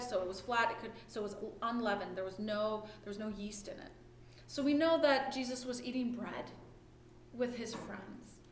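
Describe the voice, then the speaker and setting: Woman pastor, casual storytelling sermon, higher voice, roomy echo with faint background hum. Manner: conversational, asks "right?" often. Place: church or home during lockdown worship. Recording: echoey room with faint ambience.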